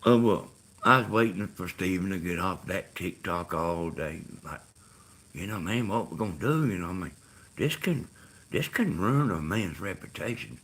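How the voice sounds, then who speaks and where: A middle-aged Southern man from Georgia hosts a live stream in a rambling, easygoing way. His voice sits low and carries a husky grain. He wanders through his thoughts with plenty of "you know.". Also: expressive, normal speed, fairly bright tone. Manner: meandering, full of "you know" and "like". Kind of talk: rambling casual chat.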